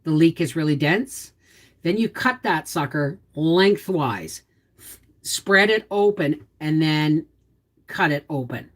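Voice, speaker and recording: A woman's voice: sits low, expressive, slow. A woman hosting a casual livestream, chatting in a folksy, down-to-earth way while explaining cooking and gardening and answering viewers. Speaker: homestead channel host.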